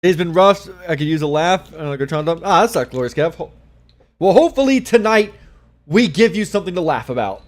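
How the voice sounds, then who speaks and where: A young man hosting a casual live stream, excitable, swearing a lot and laughing often. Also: fairly high pitch, a little fast.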